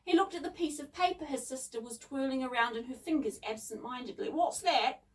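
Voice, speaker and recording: A woman narrating a children's story in a calm, measured reading voice. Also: sits high, recorded from a distance, poor audio.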